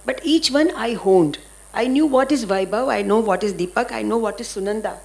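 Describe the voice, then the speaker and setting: An older woman with an Indian English accent, speaking as a dance guru on a panel, animated and anecdotal. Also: on the high side, fairly quick, creaky. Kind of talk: panel discussion storytelling.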